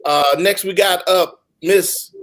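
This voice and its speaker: A man with a high voice hosts a loose, casual panel show. He is relaxed and informal, calling on each guest in turn and reading out announcements. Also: slow pace. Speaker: host. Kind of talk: hosting a casual panel talk.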